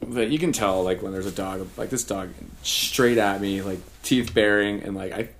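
A man's voice: fairly low pitch, moderate pace, fairly bright tone. A man who works as a home technician, chatting casually and ranting with heavy swearing. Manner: profane, ranting, laughing asides. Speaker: technician who visits homes. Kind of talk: casual chat.

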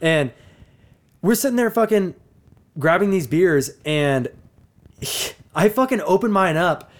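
Swearing storyteller man with a higher voice. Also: lively intonation, a little slow. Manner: rambling, profane storytelling. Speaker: podcast co-host. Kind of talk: casual podcast chat.

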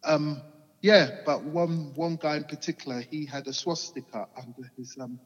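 A man's voice: on the high side, fairly even intonation, normal speed, husky, in a large hall, muffled recording. A man with a Cockney accent, a guest telling his life story in a rambling way, often asking "you know what I mean?". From England. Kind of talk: candid personal storytelling.

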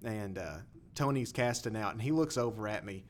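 A man telling a fishing story in a casual chat, animated and laughing as he goes. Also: lowish voice, moderate pace, a little hiss or hum.

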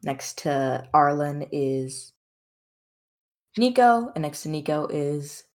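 A woman's voice: sits low, lively intonation, takes it slowly, darkish tone. A woman narrating as game master of a tabletop game in a casual, loose way.

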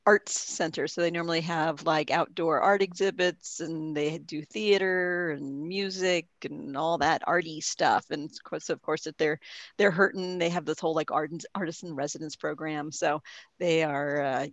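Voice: mid-range voice, fairly even intonation, normal speed, a bit bright, no room sound. A podcast co-host in a casual chat, rambling and laughing often.

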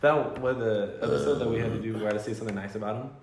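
A man's voice: fairly low pitch, racing, vocal fry, darkish tone. A young man co-hosting a podcast, rambling through profane stories in casual chat. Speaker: podcast co-host. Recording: echoey room with faint ambience.

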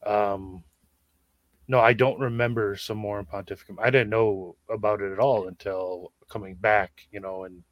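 A man's voice: lowish voice, steady tone, moderate pace, no echo. A young man co-hosting a podcast, speaking in a hesitant, reflective way with many fillers. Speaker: podcast co-host. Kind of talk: casual conversation.

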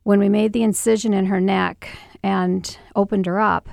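A middle-aged mother in an interview, recounting a painful memory in a halting, emotional way with many restarts. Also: medium pitch, level tone, creaky, darkish tone, no echo, clean studio sound. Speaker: guest, mother. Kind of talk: personal storytelling interview.

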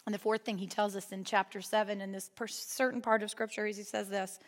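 A woman's voice: medium pitch, little pitch movement, fast talker. A young woman giving a conversational, humorous sermon to a live audience, often putting questions to them. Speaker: women's ministry speaker. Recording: long hall reverb.

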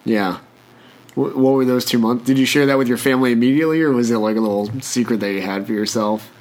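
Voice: mid-range voice, fast, a little mellow. A podcast host interviewing a guest with short, curious follow-up questions.

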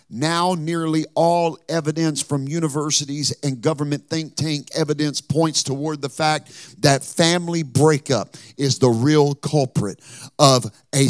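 A pastor preaching a fervent sermon in church, swinging from hushed lines into loud, sing-song calls. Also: male voice, mid-range voice, no echo, studio quality. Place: church sanctuary.

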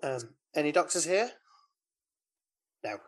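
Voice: medium pitch, big pitch swings, slow. A podcast co-host casually recapping a horror film, rambling with asides and mimicked lines.

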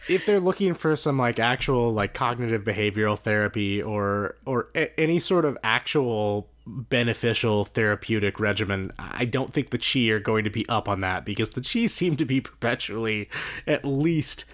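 A man's voice: fairly low pitch, animated, moderate pace, fairly bright tone. A man co-hosting a podcast, chatting in a wry, joking way and reading out listener mail. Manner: wry, joking, swears casually. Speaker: podcast co-host.

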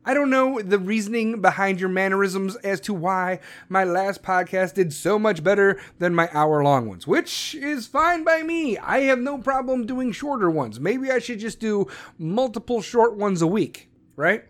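A man's voice: high-pitched, animated, unhurried, hardly any pauses. A man hosting his own podcast, talking in a brash, profane, ranting monologue. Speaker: podcast host. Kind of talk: casual solo podcast monologue.

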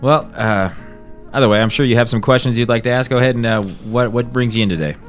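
A man improvising a washed-up male hair metal rocker turned financial planner, rambling through a sales patter with sudden shrieked yells. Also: medium pitch, quick pace, soft background music, close to an everyday voice. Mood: rambling pitch. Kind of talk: improvised comedy sketch.

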